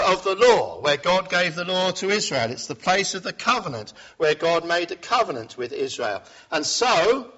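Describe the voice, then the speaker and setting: A man preaching a sermon in a reflective way, rising for emphasis and then dropping low and quiet. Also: breathy edge. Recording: dull lo-fi sound.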